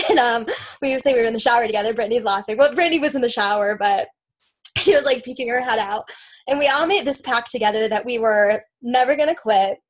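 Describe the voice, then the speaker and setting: A woman with a fairly high voice shares her own story in a loose, chatty way, thick with fillers and quoted self-talk. She sounds tearful as she speaks. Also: quick pace, poor audio. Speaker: team member sharing her story. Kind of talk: emotional casual testimony.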